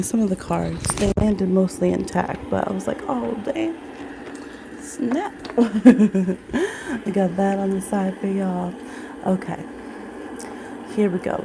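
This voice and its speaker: A woman with a Midwestern American accent, chatting casually on a live stream as a tarot reader, greeting viewers and laughing often. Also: medium pitch. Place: home, room with a lamp, rain outside. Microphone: phone. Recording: home phone stream with rain noise.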